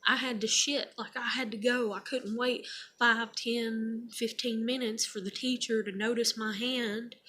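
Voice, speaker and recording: A woman's voice: fairly high pitch, steady tone, a little slow, bright, forceful tone, slightly rough. A young woman casually telling a personal story, rambling and blunt, with lots of fillers and casual swearing. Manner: rambling, heavy on fillers like "like" and "you know". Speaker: vlogger.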